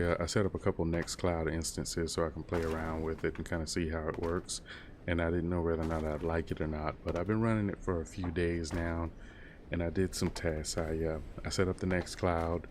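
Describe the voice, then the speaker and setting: A man's voice: low-pitched, level tone, brisk, noisy background. A man in his thirties chatting casually while gaming on a stream, rambling and laid-back. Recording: keyboard clicks and typing behind.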